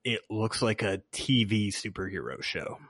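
A man's voice: fairly low pitch, animated, normal speed, a bit bright, slightly rough, dry recording. Laid-back man on a dry mic. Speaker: podcast co-host. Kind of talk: casual chat.

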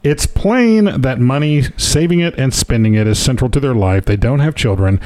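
A man's voice: medium pitch, expressive, moderate pace, darkish tone, no room sound. A man co-hosting a casual podcast, reading an article aloud and adding dry jokes. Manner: dry joking asides between read quotes. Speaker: podcast co-host.

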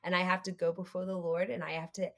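Female guest, lowish voice, animated storyteller who acts out quotes. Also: fast, gravelly. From United States. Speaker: guest, creative entrepreneur. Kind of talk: faith podcast conversation.

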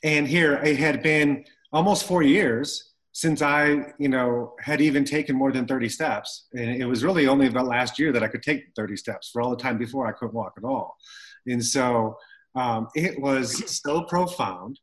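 A middle-aged man telling a personal story in conversation, animated and acting out the voices of the people he quotes. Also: mid-range voice, normal speed, poor audio. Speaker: guest telling his story.

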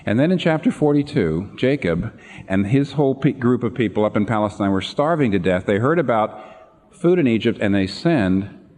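A man preaching, his voice swinging widely in pitch as he tells the story. He acts out the characters' lines. His voice rings with a long reverb, as if in a large sanctuary. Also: moderate pace. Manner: animated storytelling, acting out quoted lines. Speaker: pastor. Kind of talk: sermon retelling a Bible story. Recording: reverberant hall.

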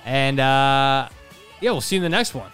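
A man's voice: medium pitch, lively intonation, moderate pace, a bit bright, faint music behind. A man co-hosting a podcast in casual banter, laughing easily and teasing his friend. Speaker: podcast co-host.

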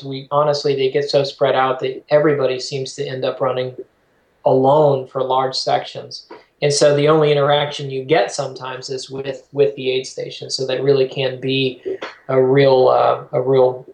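Male co-host, gravelly texture, reflective advice-giving talk, echoey room sound. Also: mid-range voice. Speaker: podcast co-host, ultrarunner. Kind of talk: casual conversation. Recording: roomy echo.

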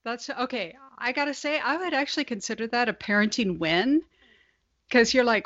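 A woman's voice: a little high, moderate pace, a bit bright, no echo. A woman co-hosting a casual chat, blunt and playful, swearing freely. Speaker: podcast co-host. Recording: dry, slightly lo-fi sound.

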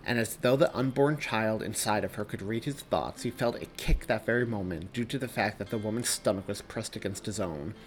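A man, the author himself, reading his own novel aloud in a steady storytelling delivery. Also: on the low side, brisk, few pauses, faint music behind. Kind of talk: audiobook narration.

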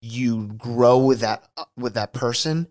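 A man's voice: mid-range voice, a little slow, darkish tone. A young man co-hosting a casual podcast chat, rambling and goofy, with many restarts and laughs. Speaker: podcast co-host.

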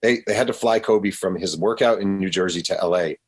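A man, an author guest on a radio show, telling stories in an animated way and often acting out quotes. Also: sits low, husky. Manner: animated, quick to act out quotes. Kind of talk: storytelling in a radio interview.

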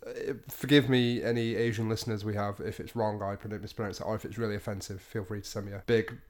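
A man from Britain co-hosting a casual podcast, joking and laughing, dropping low for asides. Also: fairly even intonation, fast talker. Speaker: podcast co-host.

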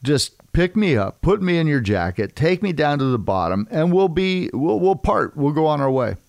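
A cunning male snake in a spoken parable, as a male preacher puts him on, coaxing and pleading. The voice sits higher than a plain speaking voice. It is recorded close and dry, with no room sound. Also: sing-song, normal speed, gravelly, no room sound.

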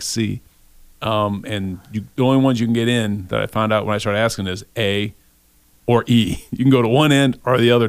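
A man's voice: lowish voice, clean tone, no room sound. A middle-aged man giving a devotional, telling a personal story in a conversational way and voicing his own thoughts aloud.

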